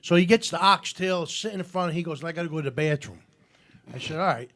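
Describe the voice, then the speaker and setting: A man's voice: a little high, fast, fairly bright tone. A man hosting a casual talk show, telling rambling anecdotes with many fillers and restarts. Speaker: host.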